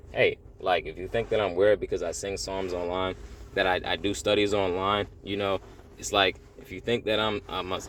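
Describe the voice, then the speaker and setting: Deep-voiced man in an earnest rambling talk. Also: slight background noise. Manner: earnest, rambling, repeats phrases, says "bro" often. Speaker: religious vlogger. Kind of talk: casual spiritual monologue.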